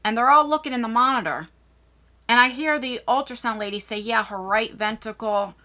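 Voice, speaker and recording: A woman's voice: on the high side, brisk, pushed and bright. A woman in her forties telling a personal story in a vlog, emotional and rambling, often restarting her sentences. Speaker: vlogger.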